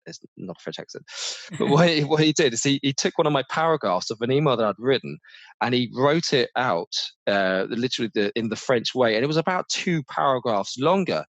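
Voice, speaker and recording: A middle-aged man, chatting casually as an interview guest, animated, often restarting his sentences. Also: medium pitch, brisk, no room sound. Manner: animated, restarts often, mimics others' voices. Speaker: marketing manager, interview guest.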